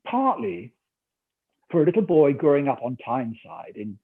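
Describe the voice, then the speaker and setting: A husky, slightly high-pitched older man with a Geordie accent from Newcastle, England speaks a little slowly and very animatedly. He's an actor and audiobook narrator telling a story in a remote interview, acting out quotes and laughing often, heard over tinny call audio.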